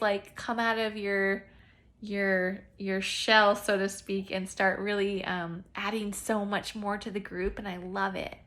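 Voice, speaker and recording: A woman's voice: mid-range voice, fairly bright tone. Earnest woman giving heartfelt team encouragement. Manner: earnest and heartfelt, repeats phrases, often says "you guys". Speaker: team leader addressing her business team. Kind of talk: casual faith-based encouragement talk.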